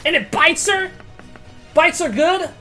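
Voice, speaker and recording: A woman running a tabletop game as game master, excitable and swearing, swinging from quiet to loud. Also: extremely high pitch, takes it slowly, faint music behind.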